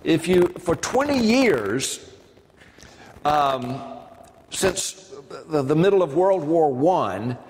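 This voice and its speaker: Man, academic lecture, slightly high voice, unhurried, long hall reverb. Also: big pitch swings. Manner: discursive, with frequent ums and asides to the audience. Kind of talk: academic lecture to a live audience.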